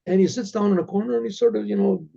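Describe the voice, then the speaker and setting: A male rabbi tells a story in a loose, conversational way, doubling back on his words. His voice is high pitched yet dark and husky. It comes through a dull, lo-fi recording. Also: rapid-fire. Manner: conversational, repeats words as he goes.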